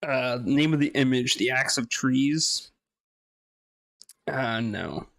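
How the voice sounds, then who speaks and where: Male gamer, unhurried, loose and rambling commentary with plenty of laughs and swearing, dry close sound. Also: medium pitch, vocal fry, fairly bright tone, no room sound. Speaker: gaming streamer. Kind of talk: casual gameplay commentary.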